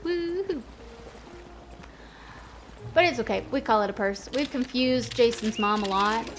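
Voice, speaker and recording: A woman's voice: fairly high pitch, unhurried, over music. A young woman in her twenties chatting casually with her viewers while playing a game, rambling from topic to topic. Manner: chatty, rambling, talks to chat. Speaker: game streamer. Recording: noisy stream audio.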